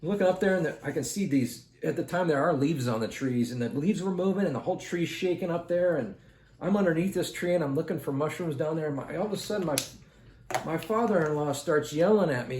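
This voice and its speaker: A man's voice: fairly high pitch, fairly quick, darkish tone. A man hosting an art channel, telling a rambling story to his viewers while he draws, talking straight to them in a casual, chatty way. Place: indoors at home. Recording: roomy echo with faint noise.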